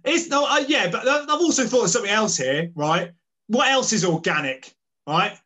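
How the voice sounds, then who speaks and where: A man's voice: high-pitched, lively intonation, moderate pace, pushed and bright. A young man, co-hosting a podcast in a brash, sweary, joking chat. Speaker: podcast co-host. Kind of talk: casual chat.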